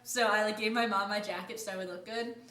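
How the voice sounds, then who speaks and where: Brief: bright teen girl, chatty storyteller, distant and roomy camera sound. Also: mid-range voice, steady tone, fast talker, a little hiss or hum. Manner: chatty, full of "like", acts out quotes. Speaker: fan vlogger. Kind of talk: casual group storytelling.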